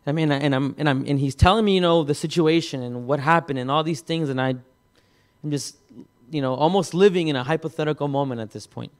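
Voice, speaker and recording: A man preaching, telling a personal story in a halting way, with many repeated words and restarts. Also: fairly high pitch. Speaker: pastor. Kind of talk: sermon testimony.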